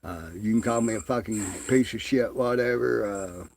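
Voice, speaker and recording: Dude ranting and cussing, gravelly voice, lots of uh's, mocking tone. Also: male voice, on the low side, normal speed, a little hiss or hum. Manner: crude, mocking, drawling with many fillers. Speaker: online commentator. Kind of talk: profane ranting commentary.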